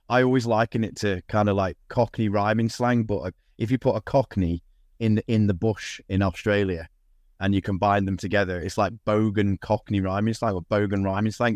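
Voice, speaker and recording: A man's voice: lowish voice, dry recording, clean studio sound. A man hosting a casual sports podcast, rambling with lots of restarts and the odd swear word. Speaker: podcast host. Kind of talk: casual chat.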